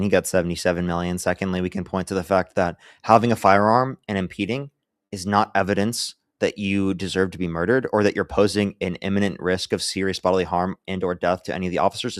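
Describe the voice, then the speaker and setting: A man's voice: low-pitched, dry recording, clean studio sound. A man hosting a live-stream debate, blunt and profane, pressing his opponent and reading out donor thanks.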